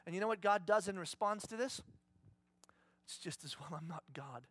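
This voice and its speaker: A man preaching a conversational, animated sermon, often acting out voices. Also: high-pitched, normal speed, no echo. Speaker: pastor.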